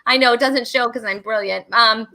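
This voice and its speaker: A bubbly woman hosts a casual online talk show, running a trivia game and laughing often. Her voice sits high and sounds bright and sharp. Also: steady tone, normal speed. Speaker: host.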